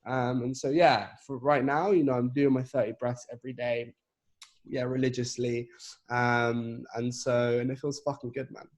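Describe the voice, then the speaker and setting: A man in his twenties, a podcast guest, talking casually in a reflective, halting way with many "you know"s and "um"s. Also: medium pitch, little pitch movement. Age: 20s. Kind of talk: casual chat.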